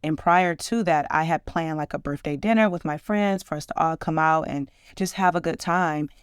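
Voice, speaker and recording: On her casual solo podcast, a forty-something host tells warm, upbeat, reflective stories from her own life. She has a low-pitched, clear, resonant voice at normal speed, captured in a dry, clean studio recording.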